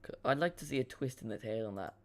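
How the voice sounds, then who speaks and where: A man's voice: mid-range voice, animated, fast talker. A man hosting a live football watchalong stream, chatting casually and rambling as he reacts to the chat and the match.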